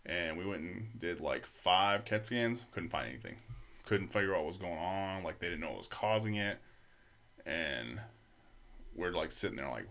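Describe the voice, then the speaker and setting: A man's voice: deep voice, animated, normal speed, fairly bright tone. A young man, a podcast guest, telling a story casually, full of swearing and fillers. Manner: profane, rambling, many fillers.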